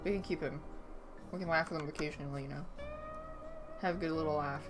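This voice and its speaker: A woman with a slightly low voice chats on a livestream, reading viewer messages aloud and tossing off dry, sarcastic replies. Soft music plays faintly behind her. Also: steady tone, fast. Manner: reads chat aloud and reacts with dry sarcasm. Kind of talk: casual stream chat. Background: faint background music.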